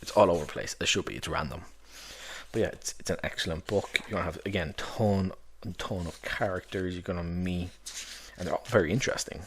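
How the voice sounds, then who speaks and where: A man who runs tabletop games gives a casual, rambling book review, chatting loosely about books he recommends with lots of fillers. His voice is deep and a bit bright with a breathy edge, and he talks a little fast.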